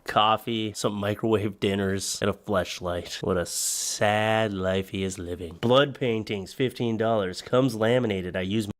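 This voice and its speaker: A man reading out posts in comedic narration, deadpan and sarcastic. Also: on the low side, measured pace, hardly any pauses.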